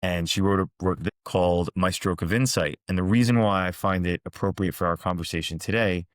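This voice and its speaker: Deep-voiced man telling parables. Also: no room sound, studio quality. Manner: calm, earnest, recounting parables. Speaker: host, executive coach. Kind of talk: reflective storytelling monologue.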